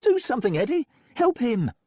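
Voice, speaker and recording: Man putting on a high, urgent young woman. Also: animated, fairly quick, mellow, no room sound, studio quality. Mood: alarmed. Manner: urgent, challenging.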